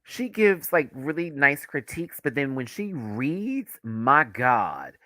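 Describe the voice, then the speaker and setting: A man chatting through a live review in a campy, animated way, laughing often. His voice leaps high and dips low, bright and forceful in tone, and it sounds dry and close to the mic. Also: slow pace, dry recording. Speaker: YouTube reviewer.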